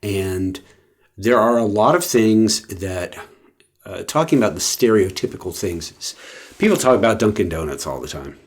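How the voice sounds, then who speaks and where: Low husky-voiced man rambling casually. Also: expressive, moderate pace. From West Coast of the US. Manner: rambling, with many fillers and restarts. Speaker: vlogger. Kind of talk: casual talk to camera.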